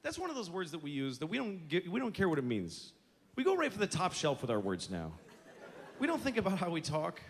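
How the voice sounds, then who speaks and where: A man's voice: high voice, wildly swooping pitch, a little fast, a faint crowd, slight background noise. A male stand-up comedian delivering a profane, sarcastic rant that builds into mock outrage, recorded live at a show. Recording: live club with audience laughter. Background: audience laughing.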